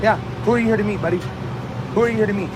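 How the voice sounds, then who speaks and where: A man with a high voice barks demands and taunts in an aggressive, mocking way. He is outside by a car. Faint street noise surrounds him. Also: rapid-fire. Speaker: confronter in street footage. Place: outdoors beside a car.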